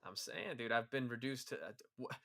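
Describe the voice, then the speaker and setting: A man's voice: medium pitch, brisk, gravelly, background noise. A man co-hosting a podcast, talking in a laid-back, joking way in casual chat. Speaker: podcast co-host.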